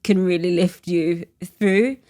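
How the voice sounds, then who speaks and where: A woman's voice: lowish voice, steady tone, slow pace, mellow. A woman hosting a podcast interview, supportive and reflective as she responds to her guest. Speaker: podcast host. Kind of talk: empathetic conversational interview.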